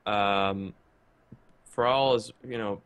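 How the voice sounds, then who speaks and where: A man's voice: on the low side, steady tone, slow pace, fairly bright tone, clean tone. A man co-hosting a podcast, explaining an idea in a meandering way with many fillers and restarts. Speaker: podcast co-host. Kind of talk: casual chat.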